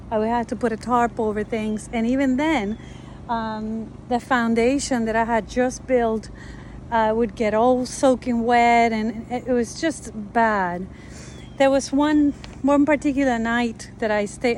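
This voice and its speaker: A tiny house builder talks casually to camera at her wooded building site, vlog style, full of fillers and restarts. Her voice sits high, and the poor audio carries a little hiss or hum.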